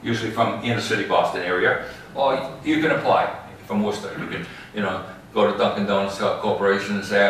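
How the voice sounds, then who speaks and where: A man with a fairly low voice, fairly even intonation and a fairly bright tone speaks briskly while guiding a tour outdoors in a large ballpark. He tells stories and tags his lines with "all right?" and "okay?", captured on a distant mic that's very echoey with faint background noise.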